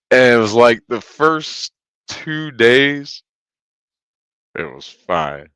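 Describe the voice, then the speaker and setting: A man's voice: mid-range voice, big pitch swings, slow pace, pauses often, sharp tone, clean tone, no room sound. A man streaming, telling rambling stories with lots of swearing and fillers. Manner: profane, rambling, with many fillers. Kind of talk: casual storytelling chat.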